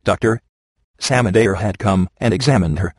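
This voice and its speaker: A man reads a first-person life story aloud in a steady, measured way. His voice sits low. The recording is dry and close, with no room sound. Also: no room sound. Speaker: narrator. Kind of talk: reading a memoir aloud.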